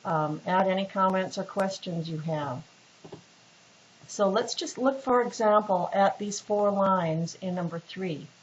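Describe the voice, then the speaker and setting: Woman, instructor, unhurried lecture, casual fillers, muffled lo-fi sound. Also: mid-range voice. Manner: casual, patient, with frequent fillers and restarts. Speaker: literature instructor. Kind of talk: recorded online lecture. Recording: dull lo-fi recording with faint hiss.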